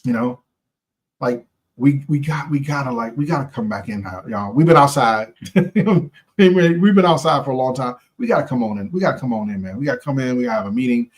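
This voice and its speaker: A man with a medium-pitched, fairly quick voice hosts a live stream, giving an impassioned, preachy motivational talk. He uses casual slang, repeats phrases for emphasis, and talks straight to his viewers.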